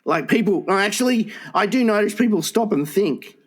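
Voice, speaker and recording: Lively man bantering and swearing. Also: high voice, normal speed, breathy edge. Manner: excitable, interjecting, laughing and swearing. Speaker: podcast co-host. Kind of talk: crude comedy podcast banter.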